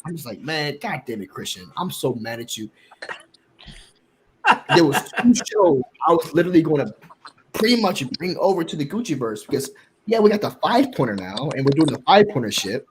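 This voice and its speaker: Animated, foul-mouthed male podcast host. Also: fairly high pitch, brisk, slight background noise. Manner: animated storytelling, swears freely. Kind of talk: casual chat.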